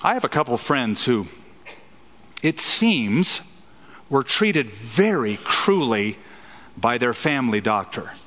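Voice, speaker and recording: A man's voice: medium pitch, pushed and bright, big-room sound. A man preaching an expository sermon as a pastor, emphatic and fond of rhetorical questions.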